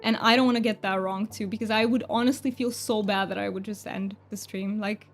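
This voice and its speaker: A woman's voice: medium pitch, steady tone, a little fast, soft background music. A woman game streamer chatting casually with her viewers, self-deprecating and thanking chat.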